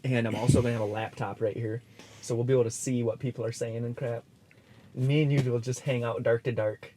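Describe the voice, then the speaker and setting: A man's voice: medium pitch, flat delivery, brisk, warm tone, slight background noise. A young man co-hosting a podcast, rambling in laid-back casual chat from an ice fishing shelter. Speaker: podcast co-host.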